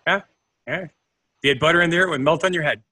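Bright-voiced man explaining on a podcast. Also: fairly high pitch, quick pace. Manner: explanatory, searches for words. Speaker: podcast co-host. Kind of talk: casual chat, reading out facts.

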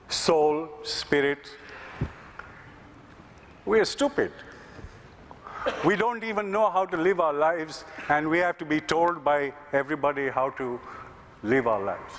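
A man's voice: fairly high pitch, slight background noise. A man from India, giving an earnest, conversational storytelling talk at a conference and leaning often on "you know". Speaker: conference speaker.

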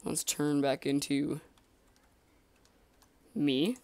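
A man giving casual let's-play commentary, excitable and talking to himself and the creatures in the game. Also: on the high side, drawn-out words, clean tone, dry recording. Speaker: gamer.

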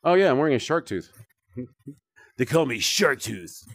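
A man chatting loosely through a live game stream, joking, rambling and cursing as he plays. His voice sits at an ordinary middle pitch, recorded close and dry with no room sound. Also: sing-song, normal speed, no room sound. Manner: joking, rambling, swears often. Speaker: streamer playing a VR shooter. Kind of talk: casual live-stream commentary.

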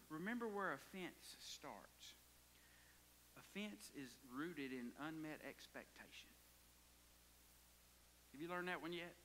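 A pastor preaching a sermon, dropping to hushed whispers and rising to hollers. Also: male voice, on the high side, in a large hall, slight background noise.

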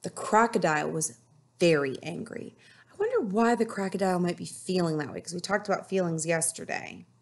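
Woman, teacher, children's story read-aloud, expressive, slightly low voice, pauses for questions. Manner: slow, expressive storytelling with asides to pupils.

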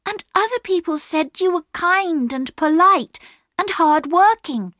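A woman's voice: very high-pitched, animated, unhurried, a bit bright, no echo, studio quality, pitched above the performer's own voice, exaggerated voice. A woman voicing an earnest young girl who pleads eagerly, in a storybook reading. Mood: pleading.

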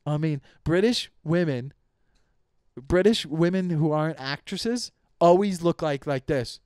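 A man's voice: on the high side, unhurried, darkish tone, clean tone, dry recording, clean studio sound. A young man hosting a comedy podcast, ranting casually with heavy swearing and frequent stumbles and restarts. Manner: profane, rambling with many restarts. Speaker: podcast host.

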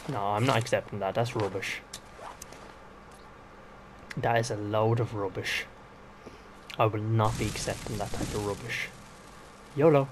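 A man's voice: fairly low pitch, little pitch movement, normal speed, long pauses, background noise. Young man rambling over gameplay. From Ireland. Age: 20s. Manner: rambling, exclaiming, talks to himself. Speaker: gaming vlogger. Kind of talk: casual gameplay commentary.

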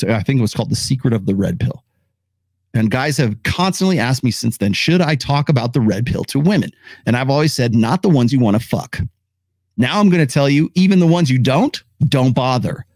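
A male podcast host giving casual, opinionated commentary, animated and blunt, with occasional swearing. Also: medium pitch, no room sound. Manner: animated, acts out quoted voices, swears.

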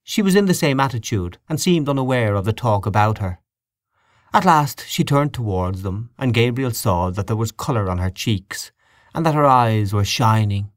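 Man, audiobook narration, low voice, lively intonation, dry close sound. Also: no room sound. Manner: measured, expressive reading.

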